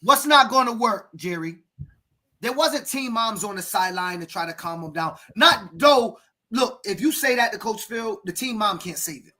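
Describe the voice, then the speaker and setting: Husky, emphatic coach holding forth. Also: male voice, sits high, expressive, normal speed. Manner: emphatic, preachy, bursts into shouting. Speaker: youth football coach, podcast co-host. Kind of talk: animated podcast storytelling.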